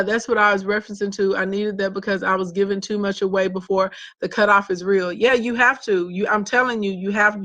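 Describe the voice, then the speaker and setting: A woman's voice: medium pitch, a bit bright, muffled recording. A woman with a Southern US accent, a business coach talking bluntly and sassily to viewers in a casual live stream. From Southern United States. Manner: sassy, blunt and talkative.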